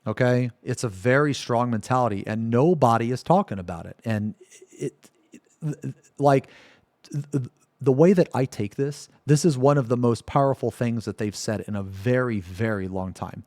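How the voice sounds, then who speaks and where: A man's voice: mid-range voice, normal speed, darkish tone, dry recording, studio quality. A man streaming live, ranting emphatically, swearing freely and checking in with the audience again and again. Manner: emphatic, keeps asking "okay?", swears freely.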